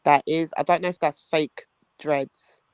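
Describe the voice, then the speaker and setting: Animated man telling a story. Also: a little high, measured pace, clear, resonant tone, no room sound. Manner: animated, calls listener "bro", acts out quoted voices. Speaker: podcast co-host. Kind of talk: casual storytelling chat.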